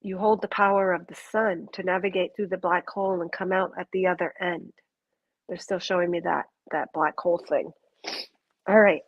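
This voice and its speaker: A woman's voice: fairly low pitch, steady tone, normal speed, vocal fry, no room sound, lo-fi sound. Earnest woman giving a spiritual reading. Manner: earnest, gushing, rambling with restarts. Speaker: intuitive reader. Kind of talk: live spiritual reading to a viewer.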